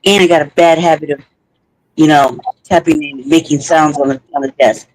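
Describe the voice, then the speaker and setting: A man's voice: a little high, fairly even intonation, moderate pace, a little hiss or hum, poor audio. Angry, profane man on a podcast. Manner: angry, emphatic, profane, rambling with restarts. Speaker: podcast co-host. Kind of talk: heated casual talk.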